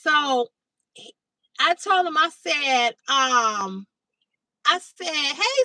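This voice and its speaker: A middle-aged woman is telling a story to her livestream viewers, with a bright, high voice. She swears freely and jumps up higher whenever she acts out the quoted lines. The sound is dry and picked up from slightly away from the mic. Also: big pitch swings, slow pace, dry recording, far from the mic, low-quality recording. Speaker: livestream host. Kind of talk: casual storytelling to live chat.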